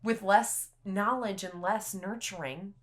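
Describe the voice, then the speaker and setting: A woman's voice: medium pitch, slow pace. A young woman, a podcast guest, chatting casually and telling a vivid story bluntly, with some swearing. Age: young adult.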